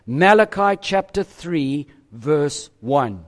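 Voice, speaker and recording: A man preaching a sermon in an emphatic, deliberate way, pausing on each phrase. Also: on the high side, animated. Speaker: pastor.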